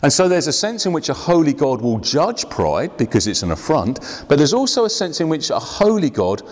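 A man preaching a sermon to his congregation, slowing down to stress key words. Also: a little high, big pitch swings. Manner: preaching with sweeping rises and drops, slowing for emphasis. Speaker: pastor. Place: church hall. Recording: long hall reverb.

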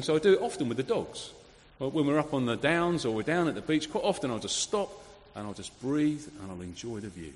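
A man preaching a sermon, conversational and lively, full of rhetorical questions. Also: on the high side. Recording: long hall reverb.

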